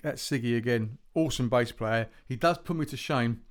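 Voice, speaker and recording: A man's voice: mid-range voice, moderate pace. A man hosting a podcast from a home recording room, chatting casually between tracks with rambling, self-deprecating asides and frequent restarts. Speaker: podcast host playing music tracks.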